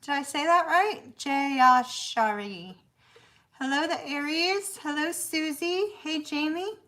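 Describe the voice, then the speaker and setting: Bright-voiced woman chatting on a livestream. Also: high voice, fairly even intonation, a little slow. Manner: chatty, greets viewers by name, laughs often. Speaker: tarot reader hosting a livestream. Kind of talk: casual livestream chat. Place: her apartment, indoors.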